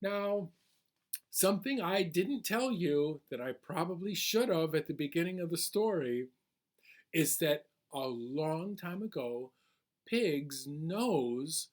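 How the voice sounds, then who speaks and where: A man reading a folk tale aloud at a children's storytime, animated and asking listeners questions. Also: fairly high pitch, slow.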